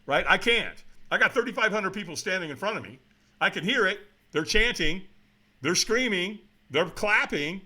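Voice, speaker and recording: A middle-aged man telling a story as a podcast guest, acting out the voices of the people in it and shouting for emphasis. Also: a little high, expressive, moderate pace. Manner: dramatic retelling, acts out quoted voices, shouts for emphasis. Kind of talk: animated storytelling.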